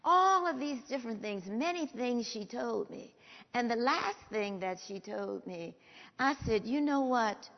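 An older woman with a gravelly voice, telling a personal story to an audience slowly and emphatically. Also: a little high, lively intonation. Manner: slow, emphatic, emotional storytelling. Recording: dull lo-fi sound with long hall reverb.

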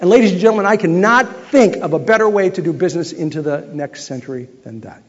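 A man's voice: high voice, fast talker, breathy edge. A man giving a speech to a live audience, telling a story animatedly and acting out what others said. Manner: animated, acts out other people's lines. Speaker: keynote speaker. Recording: echoey hall, slightly dull sound.

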